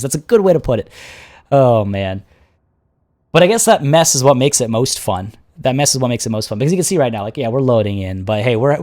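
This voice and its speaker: A man's voice: medium pitch, a little mellow. A young man casts a multiplayer strategy match on a livestream, chatting freely with his viewers. He reads their comments aloud, laughs often and keeps a loose, friendly flow of talk between the plays. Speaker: livestream host and game caster. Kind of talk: casual livestream chat and game commentary.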